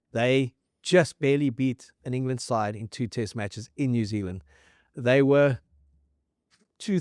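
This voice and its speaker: A man's voice: mid-range voice, a little mellow, dry recording. Rugby podcast host: man with a mid-range voice, dry close recording, fact-heavy storytelling full of scores. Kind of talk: casual rugby chat.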